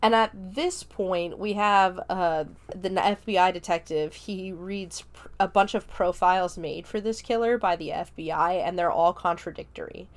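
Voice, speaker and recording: A woman on her podcast talks through a film review in a loose, conversational way, full of fillers like um and like. Her voice sits on the lower side for a woman. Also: steady tone, moderate pace. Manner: chatty, many fillers like um and like. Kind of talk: casual spoken film review.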